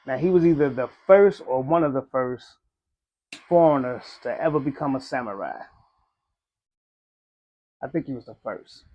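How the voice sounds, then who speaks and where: A relaxed man talks through a cigar review in an easygoing, chatty way. His voice sits at a middle pitch and keeps a casual, unhurried flow. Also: muffled recording. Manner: laid-back, conversational, frequent "you know".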